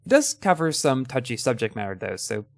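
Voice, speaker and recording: A man's voice: medium pitch, big pitch swings, a little fast, gravelly, no echo, clean studio sound. A young man hosting a casual ranking of his favorite movies, talking with enthusiasm and a few ums and restarts.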